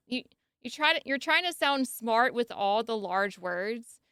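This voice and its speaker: A woman streamer chats through a video she is reacting to, giggling and teasing. Her voice is bright and sharp, smooth and clean, and it sits dry and close with no room around it. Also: a little high, lively intonation, a little slow, dry recording. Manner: giggly, teasing, mocks long-winded wording. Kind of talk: casual live-stream reaction commentary.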